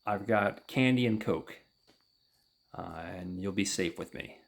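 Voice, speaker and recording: A man's voice: low voice, unhurried, creaky. A man voicing a straight-laced man in his fifties in a suit, who talks in a brash, boastful way.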